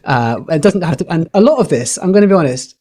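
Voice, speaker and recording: A man on a podcast, explaining communication skills in a lively, teacherly way with a few fillers. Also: a little high, quick pace. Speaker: podcast guest, communication educator. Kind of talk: explaining, casual podcast chat.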